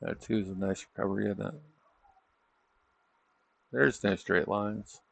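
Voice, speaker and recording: A man's voice: fairly low pitch, a little slow, creaky, no echo. A man hosting a trading livestream, chatting casually over charts and tossing in tag questions like "isn't it?". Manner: loose, chatty, thinking aloud.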